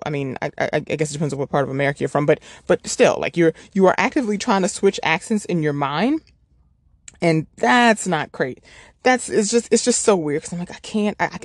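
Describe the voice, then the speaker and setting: A woman's voice: deep voice, a little mellow, no echo, clean studio sound. Chatty woman rambling through a book review. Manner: chatty and rambling, with frequent restarts and rhetorical "right?". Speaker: book review podcast host. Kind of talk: casual book review chat.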